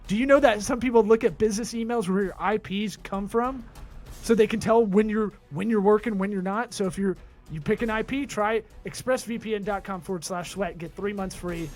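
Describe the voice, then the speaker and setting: Loud joking man reading podcast ads. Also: sits high, fairly quick, faint music behind. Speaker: podcast host. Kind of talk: comedic podcast banter and ad reads.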